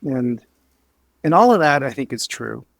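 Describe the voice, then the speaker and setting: A man speaking as a podcast guest, earnest and emotional, halting with many restarts and fillers. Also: mid-range voice, sing-song, gravelly, no echo, clean studio sound. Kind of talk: candid interview talk.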